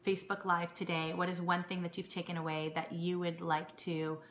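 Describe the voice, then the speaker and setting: A woman hosting a casual live stream from home, chatting warmly with viewers and thanking them. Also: fairly low pitch, brisk, slight background noise. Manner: chatty, warm thanks to viewers, excited greetings. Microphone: phone or webcam live stream. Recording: roomy home audio with faint ambience.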